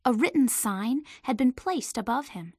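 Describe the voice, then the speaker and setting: A woman reading a storybook aloud in an expressive, lively way. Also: on the high side, moderate pace, slightly rough, no echo, clean studio sound.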